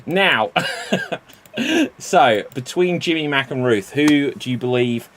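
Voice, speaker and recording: A man hosts a streamed improv game in a loose, rambling way, often tripping over his words and joking about his slips. His voice sits at an ordinary middle pitch. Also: animated, slow, a bit bright, a little hiss or hum. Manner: rambling, self-correcting, playful. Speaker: improv show host.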